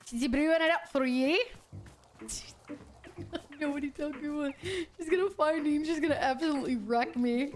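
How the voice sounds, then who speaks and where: Young woman streamer, high-voiced, chatty and a bit crude, with faint game music underneath. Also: brisk. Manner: giggly, crude, chatty with chat. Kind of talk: casual gaming stream chat.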